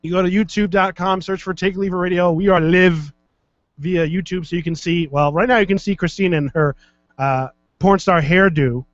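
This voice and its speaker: High-voiced male host, loose and sweary, dry, dull sound. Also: steady tone, normal speed, no echo, faint music behind. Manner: loose, joking, profane. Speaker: podcast host. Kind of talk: casual chat. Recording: dull, lo-fi dry studio audio.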